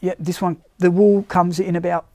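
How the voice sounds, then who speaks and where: A man's voice: sits high, flat delivery, normal speed, dark tone, dry recording. A man presenting blankets on a casual live stream, talking unscripted and searching for words as he goes. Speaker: product presenter.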